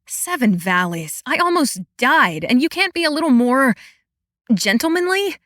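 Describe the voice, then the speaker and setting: Woman narrator doing a high, flustered young heroine mage, quick to bristle. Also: sing-song, fairly bright tone, no echo, clean studio sound. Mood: exasperated. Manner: breathless and exasperated, squeaking when flustered.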